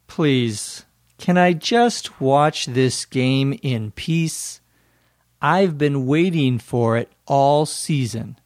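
A man playing an irritated man who wants to watch sports in peace, in a slow, clearly spoken dialogue for English learners. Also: mid-range voice, a little mellow, no echo, clean studio sound. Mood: annoyed. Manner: annoyed, curt, slow and clear.

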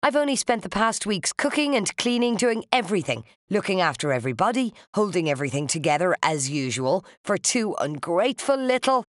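A reader voicing a bitter, unhinged older woman who speaks low and quiet, then hisses and shouts in an audiobook. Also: animated, brisk, hardly any pauses, dry recording, studio quality, natural voice. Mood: raging. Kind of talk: audiobook character voice.

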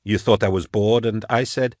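A man voicing a grim, guarded young woman agent who speaks quietly and tersely in an audiobook. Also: fairly low pitch, steady tone, moderate pace, no room sound, studio quality, lightly acted.

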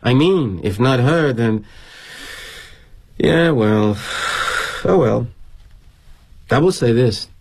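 Sardonic middle-aged executive played by a man, husky voice, lively pitch, wry confiding monologue. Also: slow pace, pauses often, exaggerated voice. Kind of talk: theatrical dramatic monologue.

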